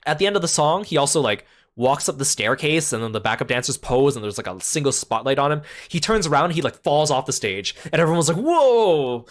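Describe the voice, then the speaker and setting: A man's voice: medium pitch, animated, quick pace, hardly any pauses. A man casually recapping a trip in a chatty voice, full of fillers like "like" and "uh".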